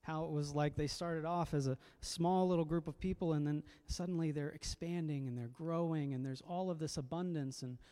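A man's voice: a little high, steady tone, moderate pace, hardly any pauses, dark tone, clean tone. A man preaching a sermon as a pastor, reflective and conversational, often repeating words as he goes.

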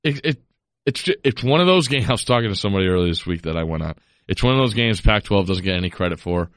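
A man co-hosting a sports betting podcast, rambling and chatty with quick restarts. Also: clean tone, no echo, studio quality. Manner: rambling, quick restarts, lively rises in pitch when making a point. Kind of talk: casual sports betting chat.

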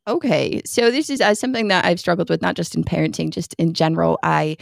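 A woman's voice: fairly low pitch, fast, vocal fry, dry recording, clean studio sound. Earnest woman parenting podcast co-host. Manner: earnest, explains at length with many "like" and "right?". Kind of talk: casual chat.

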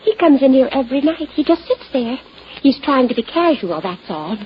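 A woman's voice: high-pitched, big pitch swings, normal speed. A flustered small-town librarian who giggles and stammers, her voice leaping up and down. It is a dull, lightly hissy old radio recording. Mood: fluttery. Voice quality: breathy, giggly, hesitant. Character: fluttery, nervous small-town librarian woman. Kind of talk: 1950s radio drama acting.

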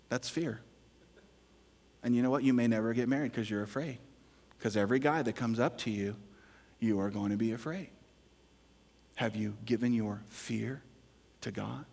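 A pastor preaching a sermon with emphatic delivery, dropping to whispers and rising to loud exclamations. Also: male voice, mid-range voice, normal speed, vocal fry, pauses often, breathy edge. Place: large church hall. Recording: long hall reverb.

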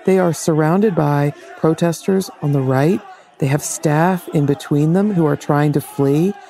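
A man reporting and analyzing events for a news program in a measured, explanatory way. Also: fairly high pitch, creaky, mellow, a faint crowd.

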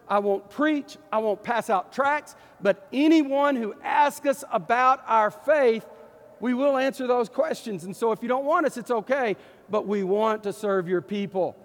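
A man from East Texas with an East Texas accent, a pastor telling a story in a folksy, animated sermon. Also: very high-pitched, unhurried, big-room sound. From East Texas, USA.

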